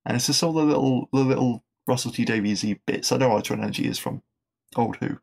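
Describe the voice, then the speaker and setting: A man hosts a casual podcast, talking at a middling pitch with a gravelly, creaky edge to his voice. He rambles along with plenty of fillers and restarts. He chuckles at his own jokes as he goes. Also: fast. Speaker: podcast host. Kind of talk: casual episode review.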